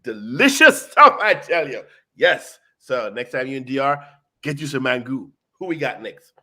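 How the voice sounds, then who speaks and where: A man hosting a casual food chat, hyped and talkative, full of "you know" and "boom". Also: big pitch swings, moderate pace, sharp tone. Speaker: show host. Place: South Florida.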